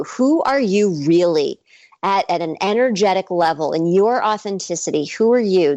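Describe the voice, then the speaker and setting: Female interview guest, effusive and smiling, low-ish voice, close dry recording. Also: darkish tone, no room sound. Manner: enthusiastic, effusive, smiling as she talks. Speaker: guest, mindset coach and author. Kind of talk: radio interview.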